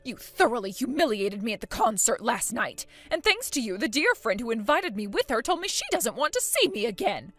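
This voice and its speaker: Woman voicing a bossy older grandma, loud and haughty, lively high swoops, faint music under. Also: a little fast, few pauses, no room sound. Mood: indignant. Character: bossy older mother-in-law, loud and self-righteous.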